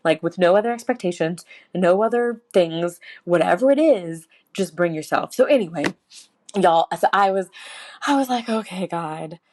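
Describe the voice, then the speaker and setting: A woman's voice: on the low side, lively intonation, moderate pace, darkish tone, a little hiss or hum. Earnest, emotional woman podcaster. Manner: earnest and heartfelt, many fillers and restarts. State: close to tears. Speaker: podcast host. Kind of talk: personal faith reflection, casual monologue.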